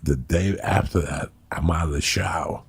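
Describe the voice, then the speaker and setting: A man's voice: rumbling low, moderate pace, gravelly, slightly rough, dry recording. A man in his fifties telling rambling, profane stories in a casual podcast chat. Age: 50s. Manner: rambling, profane, laughing storyteller. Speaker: podcast host.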